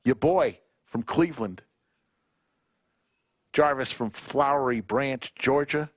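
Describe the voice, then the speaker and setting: A man hosting a live poker stream in a poker room, chatting casually and reading out viewer shout-outs one by one. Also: medium pitch, dry recording, studio quality. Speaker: poker livestream commentator.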